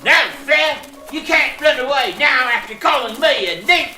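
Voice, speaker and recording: A narrator voicing a snarky, argumentative male creature lurking under a bridge in a storybook reading, with rough, ungrammatical talk. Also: medium pitch, lively intonation, slow, pushed and bright, echoey room, slight background noise, voice pushed up. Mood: shouting.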